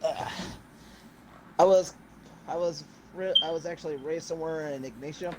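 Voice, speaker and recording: A man playing a tabletop game who talks haltingly, restarting and hesitating. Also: a little high, slight background noise. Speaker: player. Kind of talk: casual tabletop game chat.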